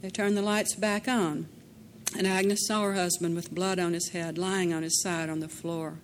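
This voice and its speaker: A woman's voice: fairly low pitch, little pitch movement, normal speed, slight background noise. Woman narrating a dramatic audiobook.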